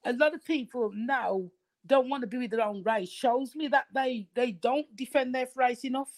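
A middle-aged woman holds her ground in a heated group chat, stressing her words and repeating phrases as she presses on. She apologizes in passing but keeps insisting. Her voice sits a little high for a woman. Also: normal speed, darkish tone. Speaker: discussion panelist. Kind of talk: heated casual debate.

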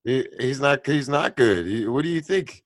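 A man's voice: medium pitch, lively intonation, moderate pace, a crowd in the background. A man co-hosting a casual chat, reacting to a video in a ranting, profane way. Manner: ranting, profane, rising to loud outbursts.

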